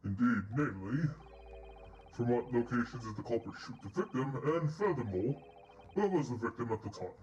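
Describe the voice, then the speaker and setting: Stern old judge, deep formal voice, put on by a male player; distant, noisy mic. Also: animated, muffled recording, lightly acted. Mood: stern, questioning. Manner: deep, formal, measured delivery. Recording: distant mic with loud background noise.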